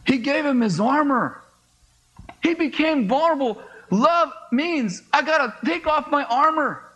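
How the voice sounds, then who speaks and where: A middle-aged pastor with a strikingly high voice delivers a sermon. He preaches in an animated, conversational way, acting out little exchanges and laughing at his own asides. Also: unhurried, low-quality recording.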